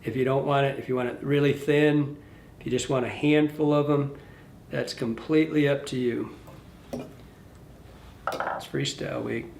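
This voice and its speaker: A man's voice: mid-range voice, fairly even intonation, normal speed, a little mellow, echoey room, a little hiss or hum. Rambling man teaching fly tying. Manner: rambling, self-correcting, talks to the fly as he works. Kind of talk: casual hands-on tutorial. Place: fly shop tying bench.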